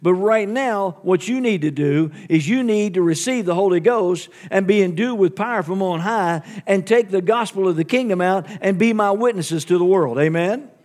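A man preaching with a notably high-pitched voice. He reads scripture aloud, explains it verse by verse, and punctuates his points with fervent calls of amen and hallelujah to the congregation. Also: normal speed, hardly any pauses, darkish tone. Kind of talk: sermon.

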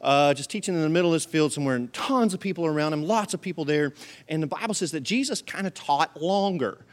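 A male pastor preaching a sermon with humorous, animated storytelling. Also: a little high, quick pace.

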